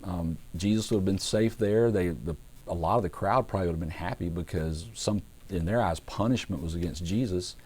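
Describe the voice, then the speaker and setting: Deep-voiced man telling a Bible story. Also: a little fast. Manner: conversational storytelling with acted-out voices; relaxed, with fillers and restarts. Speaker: pastor. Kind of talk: casual Bible teaching.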